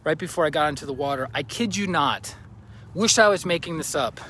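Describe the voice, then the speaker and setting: A bright, forceful male voice talks loosely and jokily to his viewers, greeting them by name. He is slightly out of breath, filming on a handheld phone outdoors by a lake. Faint outdoor noise sits behind him. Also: on the high side, expressive, fairly quick. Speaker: vlogger livestreaming a road trip. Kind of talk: casual livestream chat.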